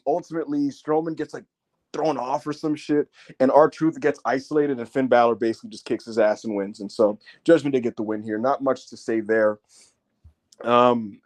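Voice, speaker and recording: A man co-hosting a wrestling podcast, recapping the show in casual chat and acting out wrestlers' lines. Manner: animated, acts out wrestlers' lines in high voices.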